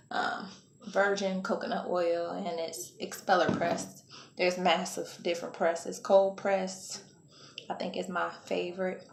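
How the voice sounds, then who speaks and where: A woman hair vlogger talking through her wash-day routine in a relaxed, chatty way, often correcting herself mid-sentence. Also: mid-range voice, gravelly. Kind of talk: casual how-to vlog. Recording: echoey room, faint background hum.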